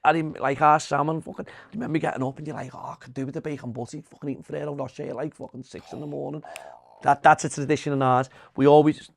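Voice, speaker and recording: An older Liverpool man co-hosting a podcast, cursing freely as he tells stories. His voice sits fairly high for a man. It is recorded dry and close, with almost no room sound. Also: quick pace, gravelly, no room sound. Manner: swears freely, animated storyteller. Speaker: podcast co-host. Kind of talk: casual chat.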